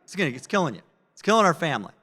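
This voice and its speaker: A man giving a live sales training talk, energetic and asking the audience questions. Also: a little high, rapid-fire, long reverb tail. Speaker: network marketing trainer. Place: training event room with audience.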